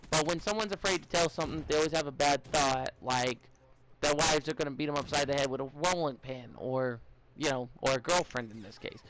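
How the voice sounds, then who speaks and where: A man's voice: on the high side, a bit bright, slight background noise, poor audio. A young man hosting a casual podcast, rambling and giving advice with many fillers, restarts and stutters. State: a bit out of it, stuttering.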